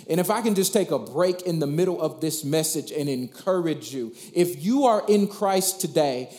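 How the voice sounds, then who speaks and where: A fervent male pastor preaching a sermon in a fairly high-pitched voice. He talks emphatically, throws rhetorical questions to the congregation and often restarts on repeated words. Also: animated, moderate pace, hardly any pauses, a little mellow, reverberant.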